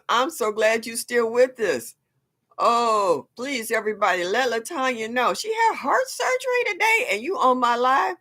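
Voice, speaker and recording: A woman's voice: on the high side, big pitch swings, normal speed, bright, forceful tone. An older woman hosting a live stream, chatting casually and exclaiming often, with frequent laughs. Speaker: livestream host.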